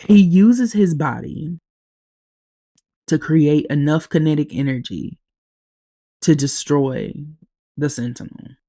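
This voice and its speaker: A woman hosting a podcast, casually recapping a TV episode, speaking haltingly with long pauses as she grows teary-eyed. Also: sits low, warm tone, no echo. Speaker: podcast host.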